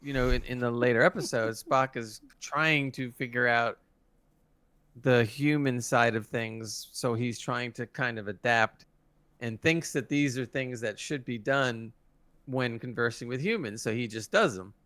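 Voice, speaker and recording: Man, co-host, bright tense tone, dry close sound, chatty review banter. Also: mid-range voice, measured pace, clean tone, dry recording. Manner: relaxed, chatty, adds backstory. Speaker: podcast co-host. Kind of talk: casual episode review chat.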